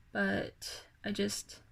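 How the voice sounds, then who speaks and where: A young woman rambling through a casual personal vlog, hesitant, with many fillers and sighs. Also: a bit bright. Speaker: vlogger.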